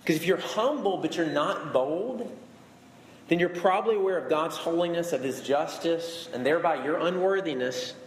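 At a normal pace, a slightly high-voiced pastor in his thirties gives a sermon, speaking casually and emphatically and repeating words to drive them home. His voice echoes with long reverb in a big hall, with a faint hum underneath.

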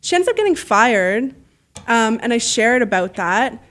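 A woman telling stories as a podcast guest, animated and freely swearing, acting out the voices of people she quotes. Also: fairly high pitch, a little slow. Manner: heavy use of "like" fillers. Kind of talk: casual storytelling.

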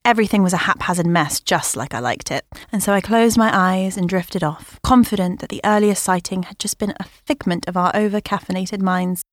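A woman narrates a first-person horror story at a measured pace. Her voice sits at a middle pitch. The recording is dry and close. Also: dry recording.

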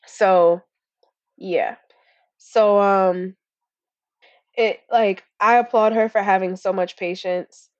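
On a dull lo-fi recording with no room sound, a young podcast co-host speaks slowly in a steady, medium-pitched voice, leaving long pauses. She chats casually and bluntly, rambling along with lots of fillers and swearing.

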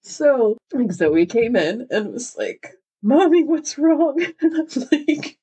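A woman's voice: fairly high pitch, sing-song, slow pace, mellow, slightly rough. A young adult woman co-hosting a fan podcast, crying and gushing with laughter through her tears. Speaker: podcast co-host. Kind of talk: excited fan podcast chat.

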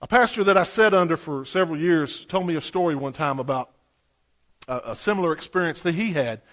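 High-voiced man preaching animatedly. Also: brisk. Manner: animated, swings from hushed asides to loud exclamations. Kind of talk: sermon storytelling.

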